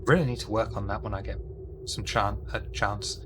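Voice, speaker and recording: A man acting as game master of a sci-fi tabletop game, narrating enemy moves and calling out rolls in a relaxed, thinking-aloud way. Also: fairly low pitch, moderate pace, a little hiss or hum.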